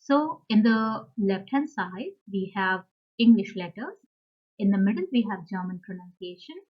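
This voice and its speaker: Female teacher for a beginner lesson, very slow and deliberate, repeats every word, a bit lo-fi. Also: medium pitch, lively intonation. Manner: slow and careful, repeats each word, fillers and small self-corrections. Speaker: language teacher.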